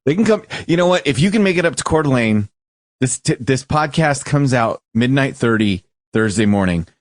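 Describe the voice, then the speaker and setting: A young adult man hosting a casual podcast, animated and laughing, stumbling over restarts. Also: medium pitch, moderate pace, dry recording. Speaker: podcast host.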